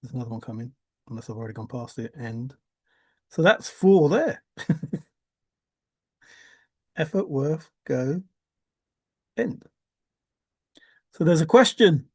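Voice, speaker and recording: A man's voice: on the high side, lively intonation, takes it slowly, pauses often, darkish tone, dry recording, clean studio sound. Rambling man thinking aloud. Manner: musing aloud, wandering, swears casually, laughs to himself. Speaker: vlogger. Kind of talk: rambling monologue.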